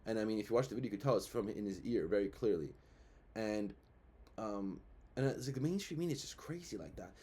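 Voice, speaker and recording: A man's voice: on the low side, expressive, quick pace, darkish tone, breathy edge. A young man hosting his own show, talking through his views in a rambling, casual way, full of fillers and rhetorical questions. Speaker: show host. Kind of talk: casual commentary.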